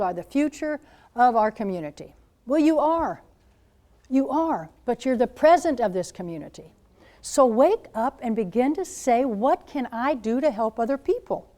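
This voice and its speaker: Warm-voiced nun in her seventies. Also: high voice. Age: 70s. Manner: animated storyteller, acts out quoted voices. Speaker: Catholic nun, guest speaker. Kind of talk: talk to high school students. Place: school gathering room.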